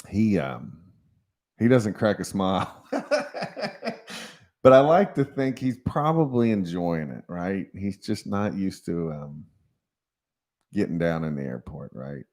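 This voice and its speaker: Very deep-voiced rambling male streamer. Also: a little mellow. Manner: rambling and chatty, laughs often. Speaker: livestream host. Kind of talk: casual livestream chat.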